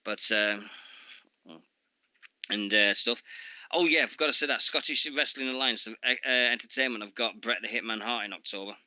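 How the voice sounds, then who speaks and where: Very bright-voiced man hosting radio. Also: medium pitch, dry recording. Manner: halting, many fillers and trailing asides. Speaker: radio show host. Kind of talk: casual radio chat reading event listings.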